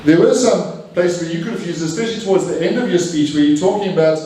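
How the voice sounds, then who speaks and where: A man giving a live language evaluation at a speaking club, energetic and emphatic, often repeating phrases and correcting himself. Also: high-pitched, fast. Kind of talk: live speech evaluation to an audience. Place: meeting room with audience. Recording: echoey room, mic far off.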